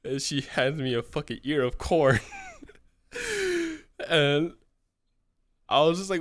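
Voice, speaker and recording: A Californian streamer in his twenties tells his chat a long, profane story, rambling, swearing constantly and adding "right?" to nearly every phrase. His medium-pitched voice is unhurried with long pauses, recorded in clean studio sound with no room tone.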